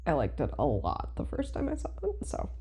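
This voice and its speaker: A woman on a podcast in casual chat, lively and agreeable. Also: extremely low pitch, brisk, a crowd in the background.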